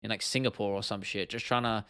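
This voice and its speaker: A young man from the UK chats through a casual livestream Q&A in a blunt, slangy way, swearing freely and tripping into restarts. His voice is smooth and resonant, and the sound is close and dry, with no room around it. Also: fairly low pitch, fairly even intonation, quick pace, a bit bright, no echo. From United Kingdom. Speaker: livestream host.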